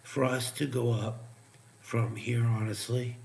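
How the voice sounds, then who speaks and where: Profane ranting man, voice going hoarse. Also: medium pitch, steady tone, slow pace, darkish tone, a little hiss or hum. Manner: mutters asides while checking charts. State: losing his voice. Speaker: crypto trading streamer. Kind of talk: live trading commentary.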